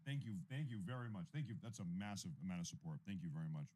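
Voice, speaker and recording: A man in his thirties with a fairly low voice hosts an independent news livestream. His talk is loose and rambling, full of repeated phrases. He breaks off to thank viewers for their donations. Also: expressive, racing, mellow, a little hiss or hum. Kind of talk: casual livestream commentary.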